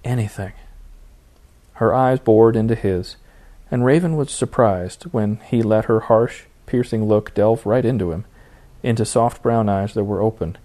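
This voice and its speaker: A man reading a novel aloud as its narrator, in steady storytelling. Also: on the low side. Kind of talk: audiobook narration.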